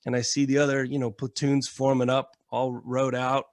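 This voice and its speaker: A man from the United States, a military veteran and podcast guest, telling stories in a casual, animated way, acting out quotes and swearing freely. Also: mid-range voice, normal speed, dry recording, studio quality. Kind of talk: casual storytelling.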